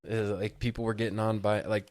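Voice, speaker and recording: Brief: male podcast co-host, very low voice, relaxed and agreeable, dry mic. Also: a little fast, dry recording. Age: adult. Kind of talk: casual chat.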